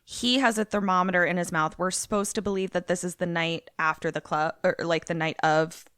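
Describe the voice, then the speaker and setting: Woman, young adult, low pitch, dry close sound, casual chatty podcast co-host. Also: fairly even intonation, fairly quick, fairly bright tone, smooth, no room sound. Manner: chatty, reacts and guesses aloud. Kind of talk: casual chat.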